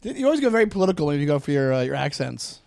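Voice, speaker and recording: High, lively man co-hosting a podcast. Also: rapid-fire, gravelly, no room sound, studio quality. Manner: teasing, excitable, hypes up guests. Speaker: podcast co-host. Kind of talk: casual comedy podcast banter.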